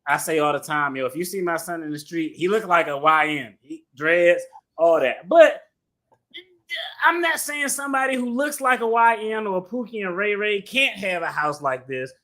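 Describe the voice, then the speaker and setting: A man with a fairly high, bright and forceful voice hosts a casual reaction commentary. He talks in loose slang and gets animated, often breaking into laughter. His delivery stays chatty and outspoken throughout. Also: moderate pace. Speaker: attorney reaction host.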